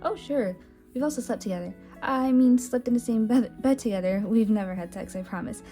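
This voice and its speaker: A woman's voice: on the high side, a little fast, mellow, soft background music, close to an everyday voice. A woman voicing an awkward young boyfriend who talks nervously and overshares. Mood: rambling.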